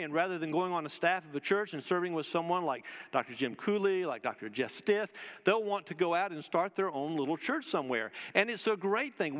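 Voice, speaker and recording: A man preaching a sermon as pastor, slow and emphatic, with drawn-out pauses and questions to the congregation. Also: a little high, a bit bright. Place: church sanctuary. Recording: long reverb of a church hall.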